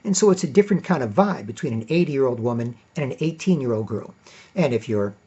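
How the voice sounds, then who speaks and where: A man's voice: medium pitch, lively intonation, fast talker, mellow, slightly rough. A man delivering a rambling, profane monologue, acting out the exchanges he quotes. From Canada. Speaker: commentator. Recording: dull lo-fi recording.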